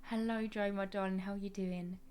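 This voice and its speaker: A woman's voice: medium pitch, flat delivery, a little fast, darkish tone, slight background noise. A woman chatting casually with her viewers during a live stream, affectionate and familiar, greeting everyone as her darling. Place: at home at her gaming desk.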